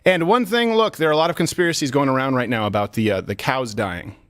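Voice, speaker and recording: A man's voice: mid-range voice, fast, no echo. A man hosting a comedic political talk show, bantering loosely with many fillers, in a studio with headphones. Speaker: host. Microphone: studio headphones and mic.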